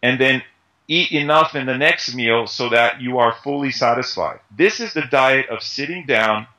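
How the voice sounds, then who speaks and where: A man talks through diet advice in a relaxed interview, with a bright, forward tone at a mid pitch. He explains things conversationally, leaning on homely comparisons and dropping in plenty of ums and you-knows. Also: normal speed, rough recording. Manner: conversational, uses everyday analogies, many fillers. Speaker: Ayurveda instructor, interview guest.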